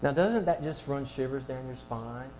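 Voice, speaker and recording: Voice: medium pitch, normal speed, darkish tone, a little hiss or hum, low-quality recording. A preacher delivering a sermon to a room, asking the audience many rhetorical questions.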